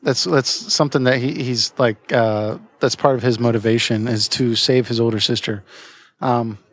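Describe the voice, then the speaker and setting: A man co-hosting a podcast, talking about a video game in a loose, halting way with many fillers and restarts. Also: mid-range voice, steady tone, a bit bright. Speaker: podcast co-host. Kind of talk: casual game discussion.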